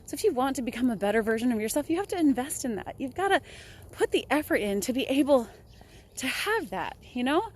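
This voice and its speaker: A woman's voice: sits high, big pitch swings, fast talker, husky. A young woman talking casually and upbeat in a motivational vlog, chatting while walking outdoors. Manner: chatty, upbeat, laughs often. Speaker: vlogger.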